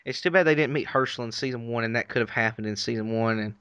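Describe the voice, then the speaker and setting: A man's voice: medium pitch, quick pace, fairly bright tone, smooth, dry recording. A man co-hosting a casual podcast chat who is easygoing and reads lists out plainly, on slightly dull lo-fi audio. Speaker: podcast co-host. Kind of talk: casual chat and reading aloud.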